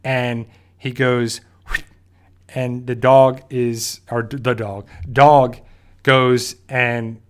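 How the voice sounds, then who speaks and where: A man hosts a casual recap of a TV episode. He rambles through the plot, keeps circling back, and fills gaps with "uh" and "you know". His voice sits at an ordinary middle pitch. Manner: rambling with frequent fillers and restarts. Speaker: show host.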